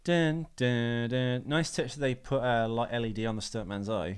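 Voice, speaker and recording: Fast-talking joking male podcaster. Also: medium pitch, clean tone. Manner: fast, joking, sweary banter. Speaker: podcast co-host. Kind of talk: casual chat.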